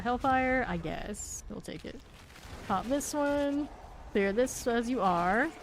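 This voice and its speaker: Gravelly woman with a light Southern accent. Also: medium pitch, a little hiss or hum. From Florida. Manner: chatty, laid-back, answers chat while playing. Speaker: game streamer. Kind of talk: casual chat while playing a game.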